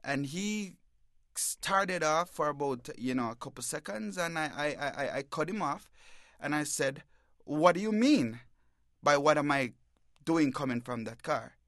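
Male reporter guest, halting and stammering, plain mid voice, dry studio sound. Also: fairly high pitch, animated, a bit bright, no echo. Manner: halting, repeats words, stammers. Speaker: newspaper reporter, interview guest. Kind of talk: emotional first-person account. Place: radio bureau studio.

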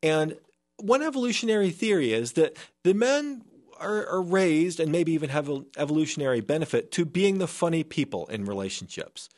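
A man's voice: on the high side, big pitch swings, normal speed. A man speaking as a scientist guest in a remote radio interview. He explains earnestly and often restarts his sentences. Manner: earnest, with frequent restarts and fillers.

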